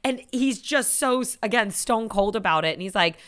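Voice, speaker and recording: A woman in casual conversation, retelling comedy sketches with quick acted quotes and frequent laughter. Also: fairly high pitch, expressive, a bit bright. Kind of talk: casual chat.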